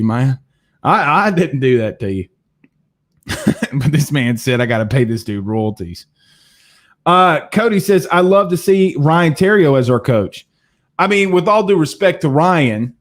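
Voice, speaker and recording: A man hosts a live sports talk show, reading out viewer comments and answering them. His voice sits a little high, and he drives each point home with emphatic repetition. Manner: animated, emphatic, repeats phrases, addresses viewers directly.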